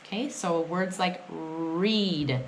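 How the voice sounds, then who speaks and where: A young woman teaching English pronunciation on camera. She models each sound slowly and often checks in with the learner. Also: fairly low pitch, a little hiss or hum.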